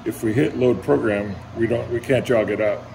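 A man with a gravelly voice talks through a machine run in a casual workshop vlog. He thinks aloud, restarts sentences and keeps it plain and practical. The workshop room sounds roomy, with steady noise behind him. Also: mid-range voice, normal speed. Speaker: maker demonstrating a CNC plasma cutter. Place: indoor workshop.

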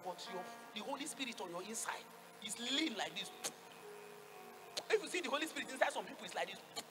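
Fervent Nigerian woman preacher, high and lively. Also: fairly quick, over music. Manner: fervent, swings from hushed to shouting; call-and-response with the congregation. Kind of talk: sermon.

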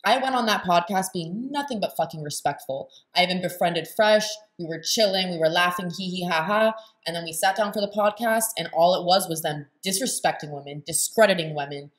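A woman's voice: on the low side, a little fast, few pauses. A young woman hosting a reaction video, talking in a blunt, sarcastic and profane way. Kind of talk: casual reaction commentary.

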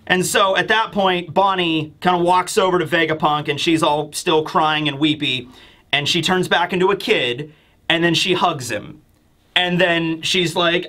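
A man's voice: on the high side, unhurried, pushed and bright. A man giving a chatty, explanatory commentary as a manga review host. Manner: chatty, explanatory, frequent asides. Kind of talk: casual commentary.

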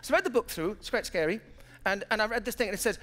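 A man's voice: high-pitched, animated, very fast, sharp tone. A man, a motivational speaker telling a story to a live audience and acting out the people he quotes. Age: 50s. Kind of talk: keynote talk to a live audience.

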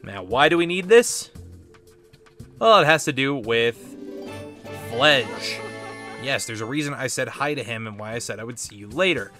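A playful, chatty man commenting casually on a video game. His pitch moves freely, and faint music plays underneath. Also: expressive, normal speed, pauses often, sharp tone. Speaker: let's play host.

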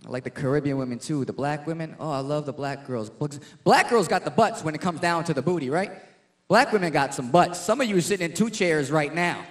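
Brash, high-voiced stand-up comic. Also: male voice, fairly quick. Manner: brash, punchy, crowd-teasing. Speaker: stand-up comedian. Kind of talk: stand-up comedy routine.

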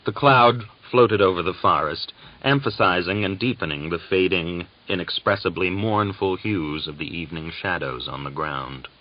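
A man narrating an audiobook in a measured, dramatic manner. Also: sits low, muffled recording.

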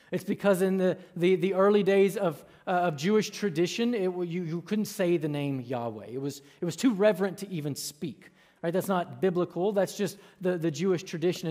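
A man preaching a sermon as a pastor in a church, conversational, with frequent restarts and asides to the congregation. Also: sits high. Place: church sanctuary.

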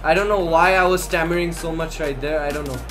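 Young male gamer, high voice, casual commentary, quick to yell at the screen, faint music behind. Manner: excitable, yells at the game, says "bro" and "man" a lot. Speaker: gaming YouTuber.

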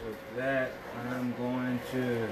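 A chef from Virginia talks through his cooking in an easy, unhurried way, naming each step as he goes. His voice is a middle-pitched male voice. Loud background noise from the kitchen nearly covers it. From Virginia, USA. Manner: relaxed, explains each cooking step plainly. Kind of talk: casual cooking demonstration. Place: home kitchen.

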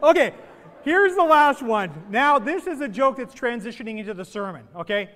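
High-voiced pastor in a reverberant church. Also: male voice, moderate pace. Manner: playful, animated joke-telling. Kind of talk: sermon with opening jokes. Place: church sanctuary. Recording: long reverb of a church hall.

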